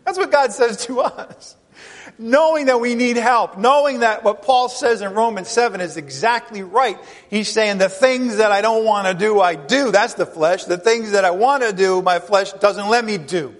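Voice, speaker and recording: A man's voice: high voice, normal speed, long reverb tail. A man preaching a sermon, emphatic and full of rhetorical questions to the congregation. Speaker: pastor.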